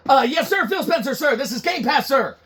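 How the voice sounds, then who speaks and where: A man's voice: extremely high pitch, expressive, fairly quick, a bit bright, pitched above the performer's own voice. A man doing a stammering, nervous office underling. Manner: stammering, deferential.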